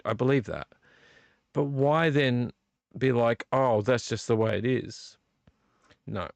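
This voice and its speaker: A man's voice: medium pitch, creaky, no room sound. A man hosting his own live vlog, ranting with repeated rhetorical questions about collecting. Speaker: vlog host. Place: home room.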